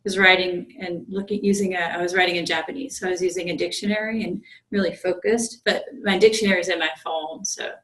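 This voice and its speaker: A woman priest telling a story in a relaxed dharma talk, with frequent fillers and restarts. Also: lowish voice, fast, few pauses. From United States. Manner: conversational, many fillers and restarts. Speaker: visiting Zen priest giving a dharma talk. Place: meditation group room. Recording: roomy echo.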